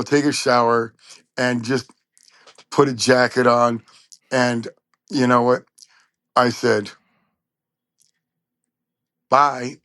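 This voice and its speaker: A man from Long Beach, California, a trumpet player telling lively anecdotes in a casual interview. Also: medium pitch, dry recording. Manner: animated anecdotes, acts out quoted voices.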